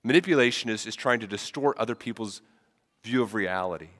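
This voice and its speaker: A man's voice: on the low side, a little fast, fairly bright tone, long reverb tail. A man preaching a sermon with a head cold, talking conversationally and often repeating words as he starts sentences. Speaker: pastor.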